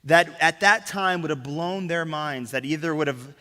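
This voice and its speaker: A man pastor preaching a sermon, emphatic, dropping to a hush on key words and asking rhetorical questions. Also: on the high side, normal speed. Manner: asks the crowd rhetorical questions. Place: church sanctuary. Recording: long reverb of a church hall.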